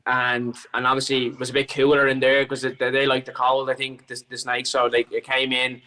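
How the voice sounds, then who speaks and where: Irish male podcast guest, animated and sweary storyteller, bright tone. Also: medium pitch, fairly quick, low-quality recording. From Ireland. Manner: animated, sweary, lots of restarts. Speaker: guest fighter. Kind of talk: casual storytelling chat.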